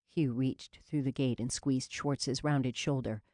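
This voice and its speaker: A woman narrating a police novel as an audiobook in an even, measured reading. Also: rumbling low, no echo, studio quality. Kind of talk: scripted narration.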